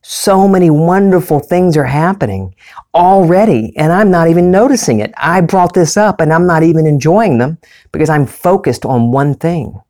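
A man's voice: on the high side, animated, moderate pace, a little mellow. Earnest man sharing a personal story. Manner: earnest and confessional, rambling with restarts and laughs. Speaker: self-help speaker. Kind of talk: candid personal monologue.

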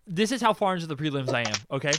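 A man hosting a podcast in casual chat, excitable and profane, laughing often. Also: on the high side, rapid-fire, noisy background. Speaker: podcast host.

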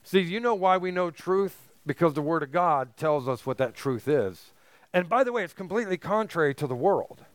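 A man preaching a sermon as pastor, emphatic, building to forceful peaks on key phrases. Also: a little high, animated, fairly quick, no room sound.

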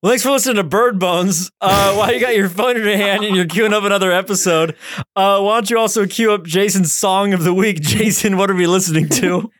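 A man's voice: high-pitched, brisk, a bit bright, dry recording, studio quality. A man co-hosting a podcast who chats casually and teases the other host in crude terms. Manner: teasing, crude. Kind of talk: casual chat.

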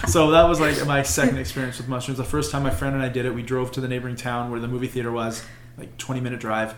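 A man's voice: medium pitch, very fast, a crowd in the background. Wry man telling a story, echoey room. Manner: wry, joking asides, swears freely. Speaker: podcast co-host. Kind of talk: casual storytelling chat.

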